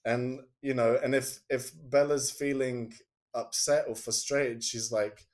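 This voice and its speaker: A man talking as a podcast guest, telling a personal story in a casual, halting way and acting out what people said. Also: mid-range voice, steady tone. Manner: storytelling, acting out quoted speech; halting, restarts sentences. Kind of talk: casual conversation.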